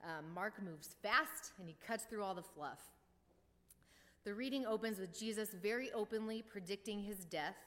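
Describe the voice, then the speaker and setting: A woman delivers a sermon in a relaxed, conversational way, dropping wry jokes between points. Her voice sits at an ordinary middle pitch for a woman. A long reverb trails behind her words, as in a church. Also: moderate pace. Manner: casual and wry, with joking asides. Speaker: preacher.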